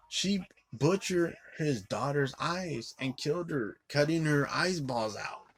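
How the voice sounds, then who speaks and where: A man's voice: on the high side, animated, takes it slowly, slight background noise. A man recapping a film in a profane, rambling rant, full of "like" and flaring into angry outbursts. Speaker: movie reviewer.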